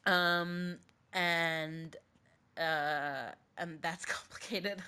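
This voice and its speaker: A woman's voice: low voice, steady tone, very slow, pauses often, bright, forceful tone, clean tone. A woman hosting a podcast, with a cough, casually retelling a myth in a rambling, filler-heavy way. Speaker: podcast host.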